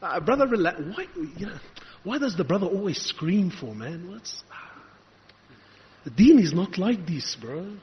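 A man's voice: high voice, big pitch swings, a little slow. Man doing a smug, complacent young guy. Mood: dismissive. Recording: echoey hall, dull lo-fi sound.

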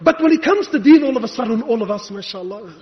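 A man's voice: very high-pitched, expressive, quick pace, slight background noise. A male preacher giving an impassioned, rhetorical sermon, challenging his listeners. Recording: echoey hall, dull lo-fi sound.

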